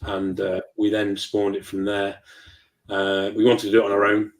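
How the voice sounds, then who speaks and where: A man's voice: fairly low pitch, completely flat delivery, normal speed, low-quality recording. A man, a toy shop owner, chatting as an interview guest and acting out quoted dialogue as he tells stories. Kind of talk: casual interview chat.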